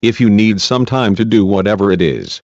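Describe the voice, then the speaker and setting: A man reading a male defense lawyer's questions, measured and reassuring, in a dull lo-fi recording. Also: on the low side, expressive, no room sound. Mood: courteous. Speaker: cross-examining lawyer.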